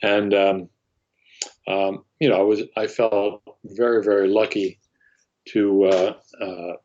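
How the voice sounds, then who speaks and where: Older man, halting storyteller. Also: fairly low pitch, flat delivery, a little mellow. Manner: halting, with frequent fillers and restarts. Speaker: guest. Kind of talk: anecdotal storytelling. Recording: muffled lo-fi audio.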